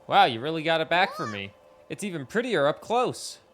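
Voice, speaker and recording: A man's voice: fairly high pitch, big pitch swings, normal speed, a bit bright, voice pushed up. A man voicing a cheerful, caring village girl.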